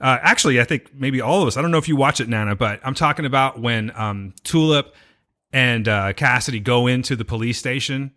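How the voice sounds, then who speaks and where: A man's voice: medium pitch, a little fast, pushed and bright. A man hosting a podcast, telling stories chattily and laughing often. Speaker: podcast host. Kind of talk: casual chat.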